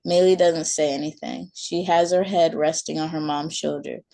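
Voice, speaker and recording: A woman reading her own short story aloud in a calm, soft manner. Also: deep voice, normal speed, vocal fry. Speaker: author and storyteller.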